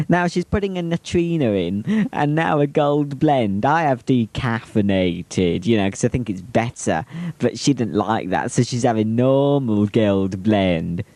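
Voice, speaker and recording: A man's voice: on the low side, slow pace, creaky, mellow, no echo. A man giving a cheeky, teasing humorous voice-over on old home videos. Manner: cheeky, teasing, chuckling asides.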